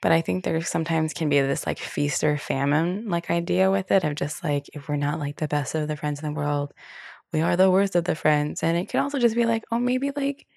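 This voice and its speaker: A woman's voice: deep voice, fairly quick, gravelly, darkish tone, no echo, clean studio sound. A young adult woman hosting a solo podcast, talking candidly and casually with lots of fillers and the odd swear word. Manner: candid, chatty, swears freely, many fillers. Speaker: podcast host.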